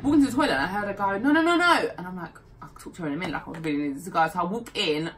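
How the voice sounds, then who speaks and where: A woman's voice: on the low side, rapid-fire. A young British woman chatting casually and telling stories, giggling and acting out what people said. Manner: animated, giggly, acts out quotes. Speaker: co-host. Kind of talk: casual chat, storytelling. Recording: distant mic, faint hiss.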